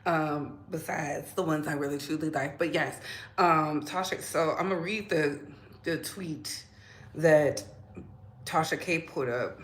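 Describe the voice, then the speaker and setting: A woman's voice: low voice, a little slow, fairly bright tone. A woman hosting a casual gossip commentary channel, chatting and reading posts aloud to her viewers. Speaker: host. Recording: echoey room, faint noise.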